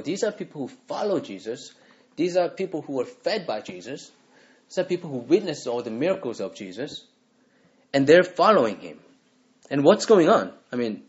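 A man's voice: fairly high pitch, lo-fi sound. Earnest male pastor preaching in conversational style. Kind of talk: sermon.

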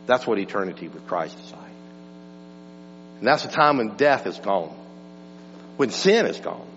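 A male pastor delivering an impassioned sermon, swinging between raised and hushed delivery. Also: on the low side, sing-song, moderate pace. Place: church sanctuary. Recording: dull church recording with long reverb and mains hum.

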